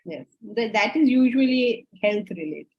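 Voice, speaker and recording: A woman teaching a Vedanta class in a lively, conversational way, often asking her students rhetorical questions. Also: fairly high pitch, moderate pace, breathy edge. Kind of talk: online class lecture. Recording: muffled lo-fi audio.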